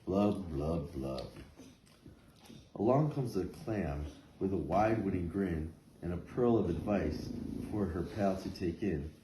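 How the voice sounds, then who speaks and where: A man reading a rhyming picture book aloud with a steady rhythmic lilt. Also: low voice, unhurried. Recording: echoey room, faint noise.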